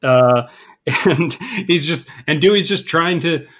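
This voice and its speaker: A man co-hosting a podcast, casually recapping a comedy film, laughing often and quoting lines in a deadpan. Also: on the high side, slow. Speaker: podcast co-host. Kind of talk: casual movie-recap chat.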